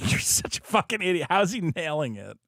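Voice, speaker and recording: Animated, mocking podcast host man. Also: fairly high pitch, normal speed, no room sound, studio quality. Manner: laughs often, exasperated, mocking. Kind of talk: casual comedic chat.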